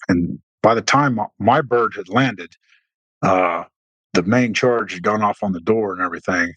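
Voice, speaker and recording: A middle-aged military veteran, appearing as a guest in a casual storytelling interview, rambles through anecdotal war stories full of restarts and fillers, acting out quoted dialogue with a raised pitch. His voice is husky and a bit bright at a moderate pace. The lo-fi recording has no echo.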